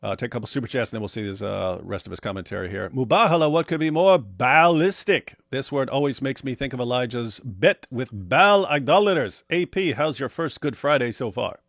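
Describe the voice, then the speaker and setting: A man's voice: medium pitch, lively intonation, a little fast, creaky, hardly any pauses, fairly bright tone, no echo, studio quality. A man co-hosting a casual livestream, reading viewer messages aloud and answering them with sarcastic, mocking asides. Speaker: livestream co-host reading super chats.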